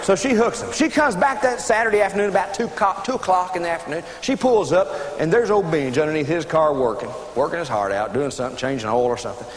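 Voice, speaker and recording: A man's voice: a little high, fast, few pauses. A man preaching a sermon, telling a humorous story in a folksy way with laughing asides, in an echoey room with audience noise.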